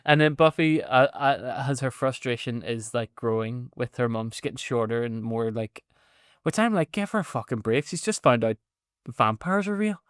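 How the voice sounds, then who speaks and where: A man's voice: medium pitch, lively intonation, moderate pace, clear, resonant tone, dry recording, studio quality. A man in his thirties co-hosting a podcast, telling stories in casual chat with sarcasm and swearing. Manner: sarcastic storyteller, swears freely. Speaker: podcast co-host.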